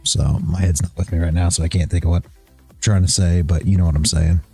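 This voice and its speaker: A man's voice: sits low, steady tone, brisk, gravelly, warm tone, breathy edge, soft background music. A tired man hosting a trading livestream, chatting casually, rambling and chuckling as he loses his train of thought. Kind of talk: casual chat.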